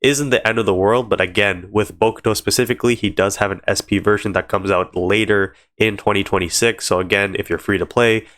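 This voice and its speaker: Stuffy-nosed guy with a lowish voice, chatty gaming youtuber going step by step. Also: steady tone, fairly quick, hardly any pauses, a bit bright. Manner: chatty, explains step by step with many "so" and "again". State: congested from allergies. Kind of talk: casual game news talk to camera.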